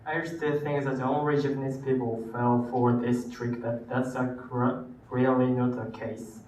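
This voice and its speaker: A man's voice: mid-range voice, little pitch movement, normal speed, darkish tone, far from the mic. A male student reading a text aloud in class, carefully, with small restarts. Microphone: passed hand mic, heard from a distance. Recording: echoey classroom from afar, faint noise.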